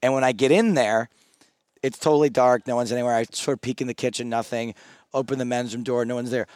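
A man's voice: mid-range voice, steady tone, fast, a little mellow, dry recording, clean studio sound. A man in his thirties on a podcast, telling rambling, self-mocking stories in casual chat, often restarting his sentences. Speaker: podcast co-host.

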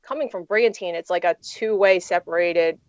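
A woman's voice: fairly low pitch, a little fast, no room sound, dull audio. A young adult woman telling a story in a casual interview, rambling with lots of fillers and restarts. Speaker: poker player guest.

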